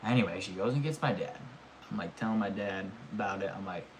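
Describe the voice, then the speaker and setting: A young man with a lowish voice chats casually on a live stream. He rambles through an animated story with plenty of swearing. A faint hiss of noise sits under his voice. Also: quick pace.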